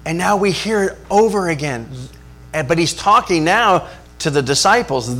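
A man preaching a sermon, animated and asking the congregation rhetorical questions. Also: fairly high pitch, moderate pace. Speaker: pastor.

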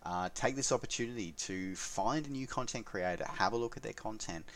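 Casual: really deep-voiced guy on a podcast, talks earnest, kinda far from the mic. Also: a little fast, a bit bright. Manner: earnest, emphatic appeals to listeners. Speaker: podcast co-host.

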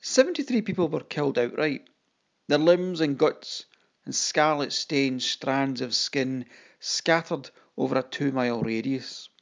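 An audiobook narrator giving a dramatic, expressive first-person reading and voicing the quoted lines. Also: mid-range voice, gravelly.

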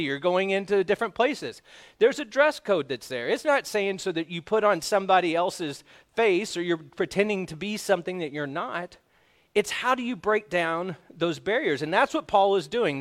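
A man preaching a sermon as pastor, in a conversational way with quick asides to the congregation. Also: sits high.

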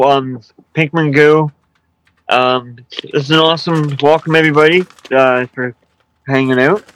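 A man with a smooth, clear voice sits on the panel of a live stream. He greets viewers loudly and in a loose, easy way. His pitch sits in the middle. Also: low-quality recording. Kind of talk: casual chat.

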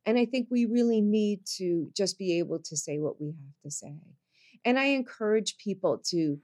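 A woman talks as a podcast guest, weighing her words out loud. She stretches out the key phrases and keeps her fillers in. Her pitch is ordinary for a woman. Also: animated. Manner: reflective, slows down to stress points, many fillers. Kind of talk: casual podcast conversation.

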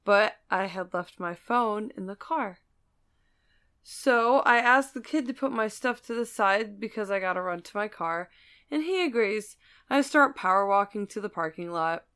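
A woman's voice: mid-range voice, a bit bright, smooth. A woman in her thirties, co-hosting a casual storytelling chat, who often laughs as she tells her own stories. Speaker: storyteller and co-host.

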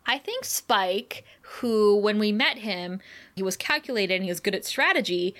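Woman, podcast co-host, animated recap, frequent laughter, casual swearing. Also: medium pitch, moderate pace. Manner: animated, laughs often, acts out quotes. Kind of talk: casual chat.

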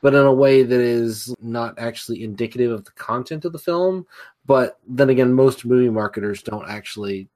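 A man's voice: medium pitch, moderate pace, darkish tone. A man co-hosting a casual film podcast, rambling and circling through his thoughts. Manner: rambling, many fillers and restarts. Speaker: podcast co-host. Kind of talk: casual chat.

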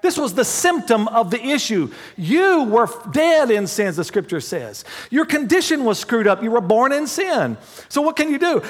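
A man preaching a sermon as pastor, mixing humorous family stories with hushed prayer. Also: very high-pitched, very animated, normal speed, few pauses. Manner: dramatic swings from loud to hushed prayer; humorous storytelling with laughs. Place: church sanctuary. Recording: long hall reverb.

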